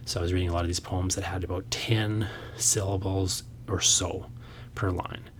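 A man's voice: sits low, level tone, normal speed, a little hiss or hum. A man hosting a podcast, talking through a point about poetry in a thoughtful, rambling way with many fillers. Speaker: podcast host and poet. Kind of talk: casual instructional podcast talk.

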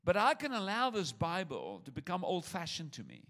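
A man's voice: high-pitched, wildly swooping pitch, moderate pace, sharp tone. An older man preaching a sermon to his church, humorous and repetitive, with stammered restarts. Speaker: pastor.

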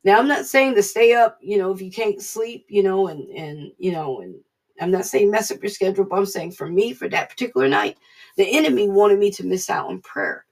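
A woman's voice: mid-range voice, expressive, fairly quick, recorded from a distance, rough recording. A woman giving an informal online devotional sermon, earnest and conversational, repeating her points as she preaches. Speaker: devotional speaker.

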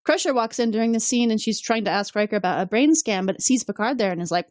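A woman's voice: on the high side, fast talker, hardly any pauses, no echo, clean studio sound. A woman co-hosting a podcast, casually recapping an episode and acting out characters' lines. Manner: animated, acts out characters' lines in quotes. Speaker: podcast co-host.

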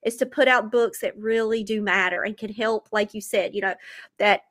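A woman's voice: mid-range voice, fairly even intonation, normal speed, fairly bright tone. A woman hosting a casual interview, effusive and encouraging, full of praise for her guest. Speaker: interviewer host.

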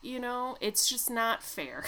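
A woman co-hosting a podcast in casual chat, animated and indignant, quick to joke and rant. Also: fairly high pitch, slight background noise. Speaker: podcast co-host.

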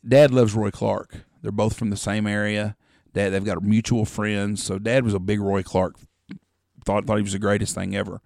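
Gravelly low-voiced man telling stories. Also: a little mellow, dry recording, studio quality. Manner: rambling, profane storyteller who acts out quotes. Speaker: podcast co-host, hunting guide. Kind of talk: casual storytelling chat.

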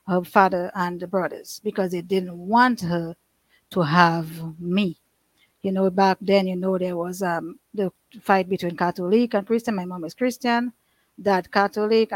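A woman's voice: mid-range voice, dry recording, poor audio. A middle-aged woman telling her life story in an earnest, rambling way, with many restarts and loose grammar. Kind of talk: emotional personal testimony.

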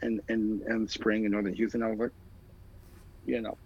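A man's voice: lowish voice, level tone, moderate pace, darkish tone, slightly rough. A man in casual chat, telling stories in a rambling way, heavy on fillers and swearing. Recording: dull lo-fi sound, dry room.

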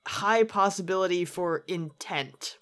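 A woman's voice: lowish voice, unhurried, fairly bright tone. A woman co-hosting a podcast in casual chat, musing and amused as she theorizes aloud. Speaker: podcast co-host.

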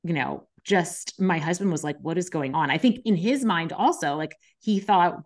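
A woman's voice: lowish voice, animated, normal speed. A woman, a nurse and podcast co-host, telling her own story in an open, reflective way. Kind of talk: candid conversation.

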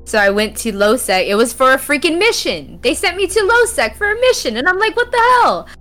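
A woman's voice: high-pitched, brisk, soft background music. Chatty laughing woman telling gaming stories. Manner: animated, laughs often while telling stories. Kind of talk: casual chat, storytelling.

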